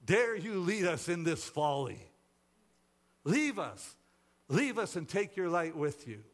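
A man voicing frightened, angry cave dwellers, shouting in a shrill, raised pitch. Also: sing-song, unhurried. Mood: panicked.

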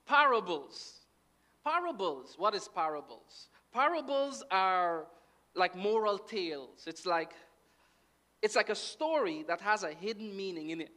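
A man's voice: high-pitched, measured pace. A man from Guyana preaching a sermon, often asking "amen?" and "right?" to check in with the congregation. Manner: lively, with call-and-response "amen" and "right" checks.

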